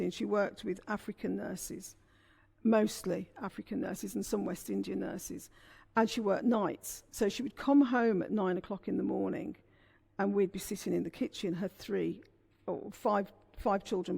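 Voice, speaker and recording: Author guest, middle-aged woman from England, raspy and gravelly, candid anecdotal delivery. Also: mid-range voice, moderate pace. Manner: candid storyteller, animated. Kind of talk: conversational interview.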